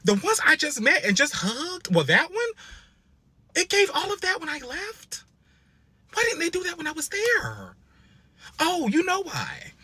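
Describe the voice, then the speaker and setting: A young man telling a sassy, animated storytime with lots of expression. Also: normal speed, dry recording. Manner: expressive, sassy, swoops into high exclaims.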